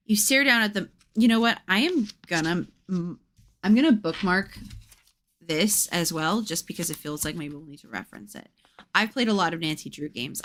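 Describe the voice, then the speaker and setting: A woman's voice: lowish voice, a bit bright. A woman streamer reading a gamebook aloud and breaking off for chatty, wry asides.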